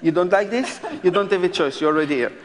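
A man performs as a stage mentalist in front of a live audience, joking nervously with volunteers in slightly broken English. His voice sits a little high. It carries a long reverb from a big hall, with clear noise underneath. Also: fast. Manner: joking, nervous, non-native phrasing. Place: large theatre stage before a live audience.

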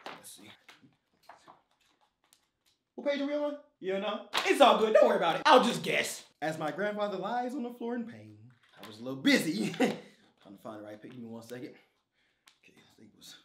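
A man acting as a sarcastic student who rants at his teacher and laughs in a comedy sketch. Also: high voice. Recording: roomy echo with faint noise.

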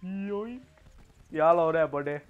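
A man giving excitable live commentary on his game stream, yelling and laughing as he teases other players. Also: a little high, measured pace, smooth, dull audio, faint music behind.

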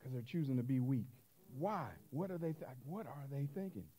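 A man preaching a sermon as pastor, animated and colloquial, acting out little scenes as he goes. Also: medium pitch, brisk.

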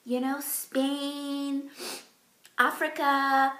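A woman's voice: fairly high pitch, a little slow. A woman beauty vlogger talking casually through a makeup tutorial, chatty and giggly with plenty of fillers.

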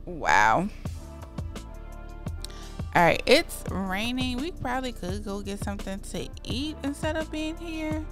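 A woman giving casual, expressive gameplay commentary as a gaming creator, chatty and at times heated and dramatic. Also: sits high, moderate pace, few pauses, over music.

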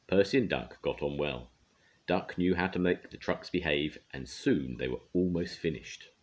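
An older man reading a children's story aloud with an expressive, lively delivery. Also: very deep voice, normal speed. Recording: dull lo-fi recording.

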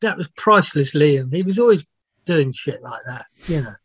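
A man's voice: fairly high pitch, animated, moderate pace, fairly bright tone, husky, dry recording. A man, a music biographer, telling rambling, laughing anecdotes with some swearing in a casual interview. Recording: dull, dry lo-fi sound.

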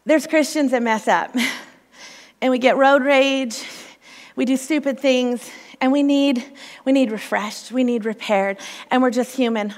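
A woman in her forties, a youth pastor, giving a playful, personal sermon at a church women's event. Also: high voice. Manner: lively, playful, personal storytelling. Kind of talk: sermon with comedic opening skit. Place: church sanctuary. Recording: long reverb in a church hall.

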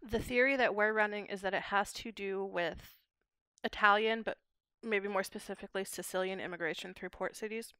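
Young woman linguist guest, measured academic explaining, smooth voice, dry close mic. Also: medium pitch, steady tone, sharp tone, dry recording. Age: young adult. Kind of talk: explanatory podcast talk.

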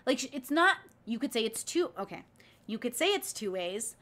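A woman livestreaming casually, reacting to clips and chatting with viewers in an excitable, profane, rambling way. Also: on the high side, normal speed. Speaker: streamer reacting to video clips.

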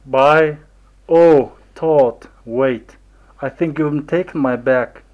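A man playing a relaxed young traveler. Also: fairly high pitch, takes it slowly, lo-fi sound. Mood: friendly. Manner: casual, easygoing. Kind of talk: textbook audio dialogue.

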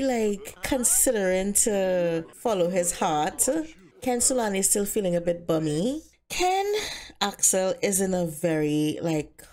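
A bubbly woman talking through her game in a loose, chatty way, full of little fillers. Her pitch sits right in the middle for a woman. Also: a little mellow. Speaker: let's player. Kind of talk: casual game commentary.

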